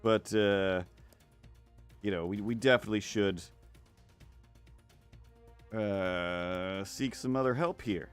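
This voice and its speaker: A man's voice: fairly low pitch, takes it slowly, pauses often, clean tone, soft background music. Rambling man on an art stream. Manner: rambling, full of fillers and restarts, jumps into silly voices. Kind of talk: casual chat while drawing.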